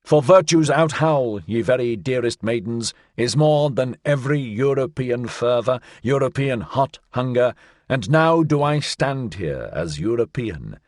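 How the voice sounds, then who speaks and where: A man's voice: medium pitch, expressive, a little slow, no echo, studio quality, close to an everyday voice. A man reading the part of a wanderer's shadow who sings a mock-pious desert song with declamatory, swinging delivery. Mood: bombastic. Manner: declamatory, swinging between hushed and loud exclamations. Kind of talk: dramatic audiobook reading.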